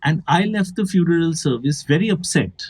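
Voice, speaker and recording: A man with a fairly high voice hosts a comedy podcast. He tells long, winding anecdotes in a lively, chatty way, and often breaks off mid-sentence to add a detail. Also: fairly quick, husky. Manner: animated, rambling anecdotal storytelling. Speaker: podcast host. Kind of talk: casual comedic chat.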